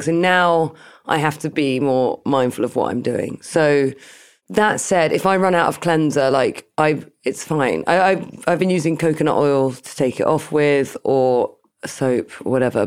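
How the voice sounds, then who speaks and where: A chatty woman giving an interview in a relaxed, self-mocking way. She talks loosely and often breaks into laughter between thoughts. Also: sits low, smooth. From Britain. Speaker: interview guest. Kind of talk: casual interview chat.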